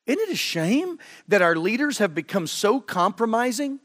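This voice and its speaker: A middle-aged man delivers a sermon from a church pulpit, his fairly high voice ringing with long reverb. He preaches with fervor, hammering some phrases loudly and dropping others to a low, earnest hush. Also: big pitch swings, normal speed. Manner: fervent, swings from loud emphasis to low earnest tones. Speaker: guest preacher. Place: church sanctuary.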